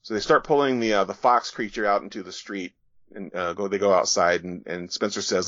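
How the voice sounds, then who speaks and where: A man, a guest author, casually narrating a chapter of his comic in a relaxed storytelling manner. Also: fairly low pitch, brisk, no echo. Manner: relaxed storytelling with fillers and restarts. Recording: dull, dry sound.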